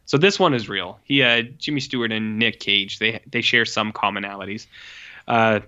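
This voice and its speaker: A man co-hosting a podcast in casual chat, animated and swearing freely, re-enacting lines with exaggerated reactions. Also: lowish voice, moderate pace, clean tone, dull audio. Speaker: podcast co-host.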